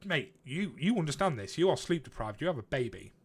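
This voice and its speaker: A man's voice: fairly high pitch, very animated, fairly quick, breathy edge. A man co-hosting a casual podcast. He talks in a loose, chatty way, swears freely and laughs at his own stories. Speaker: podcast co-host. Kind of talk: casual chat.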